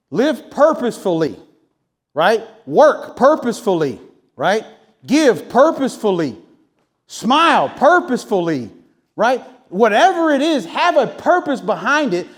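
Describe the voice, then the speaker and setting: A woman's voice: mid-range voice, darkish tone. Emphatic woman giving a motivational speech. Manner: emphatic, keeps asking the crowd "right?"; rhetorical questions and punchy repetition. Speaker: motivational speaker. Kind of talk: live motivational speech to an audience.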